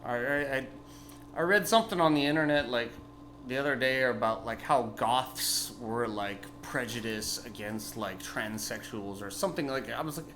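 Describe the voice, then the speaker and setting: A tipsy man delivering a rambling, profane vlog rant that bursts into yelling. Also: medium pitch, normal speed. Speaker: vlogger. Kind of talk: ranting vlog monologue.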